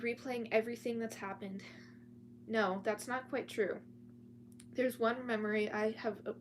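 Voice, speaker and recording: Woman storyteller, slightly high voice, casual read-aloud with restarts and asides, home setting. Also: steady tone, moderate pace, slight background noise. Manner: reads with frequent restarts and chatty asides. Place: at home with cats nearby.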